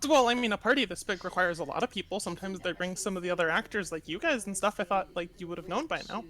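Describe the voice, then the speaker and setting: A woman's voice: on the low side, fast talker, a bit bright, natural voice. A woman voicing a naive, sheltered young noblewoman in a tabletop role-play, speaking in a confused, polite way. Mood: puzzled.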